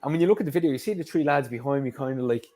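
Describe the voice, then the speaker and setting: A man's voice: medium pitch, rapid-fire, dark tone. An Irish man, a guest on a show, telling a story in casual chat, with lots of fillers and the odd swear word.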